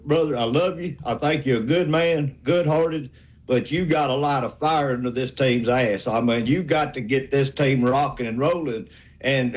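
A man's voice: on the high side, poor audio. A man, calling in to a sports radio show with a rambling, fired-up rant. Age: 60s. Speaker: caller.

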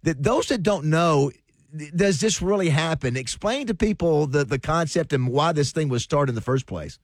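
A man's voice: a little high, lively intonation, moderate pace, no echo. A man hosting a casual morning radio chat, chatty and often repeating words as he goes. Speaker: radio show host.

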